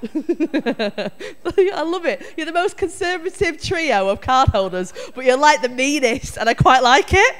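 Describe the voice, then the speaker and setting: Bright, high-voiced woman compere. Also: animated, measured pace, few pauses. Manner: teasing, playful. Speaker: comedy club compere. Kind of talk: hyping the crowd between acts. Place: comedy club.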